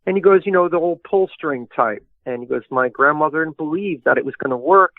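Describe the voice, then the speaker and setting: A man's voice: on the high side, fairly quick, dry recording. Man telling stories over a tinny line. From New York area. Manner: rambling, anecdotal, many fillers. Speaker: historian and author, guest. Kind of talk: casual storytelling interview. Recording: tinny phone-like line, dry.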